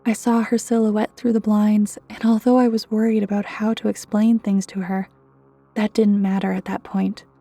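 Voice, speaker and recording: Woman narrator for a horror story read-aloud; warm, soft, often near a whisper, dry booth sound. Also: medium pitch, level tone, normal speed, no echo, faint music behind. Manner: hushed, often dropping to a whisper. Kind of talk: scripted creepypasta narration.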